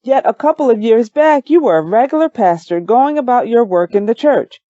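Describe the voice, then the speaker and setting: A woman reading in the voice of a breezy male radio talk show host, lifted well above her own pitch in an announcer's cadence. The recording is slightly dull and muffled. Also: lively intonation, normal speed, dark tone, no echo, close to an everyday voice. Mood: upbeat.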